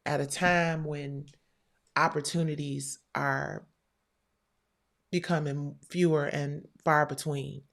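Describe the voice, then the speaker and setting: A woman's voice: low-pitched, steady tone, slow, creaky, pauses often, fairly bright tone. A woman hosting a live stream show, telling a story in a candid, blunt and profane way. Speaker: livestream show host. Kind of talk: casual livestream talk.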